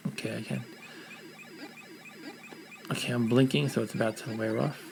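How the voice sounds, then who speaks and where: A man's voice: medium pitch, fairly even intonation, normal speed, creaky, music in the background, poor audio. A man with a New York accent, casually chatting to a live-stream audience while playing a retro game, thinking aloud as he goes.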